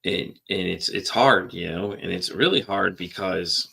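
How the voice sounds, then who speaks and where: A man's voice: sits low, a little slow, vocal fry, sharp tone, slightly rough. A man hosting a podcast, talking candidly and at length in a rambling, repetitive way with casual swearing. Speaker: podcast host. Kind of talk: candid personal monologue.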